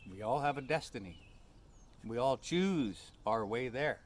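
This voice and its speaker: A man's voice: mid-range voice, lively intonation, unhurried. Earnest rambling male storyteller outdoors. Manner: earnest, rambling, many fillers. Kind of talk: personal storytelling vlog.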